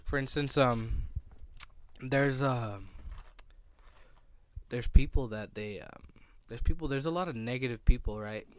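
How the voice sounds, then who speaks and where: A man's voice: medium pitch, a little slow. A young man co-hosting a podcast in casual chat, rambling with lots of fillers and restarts. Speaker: podcast co-host.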